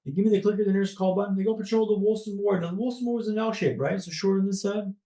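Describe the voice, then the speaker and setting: A man from Canada, a podcast guest, telling a personal story in a dramatic, paced way with pauses. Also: high-pitched, fairly even intonation, warm tone, echoey room.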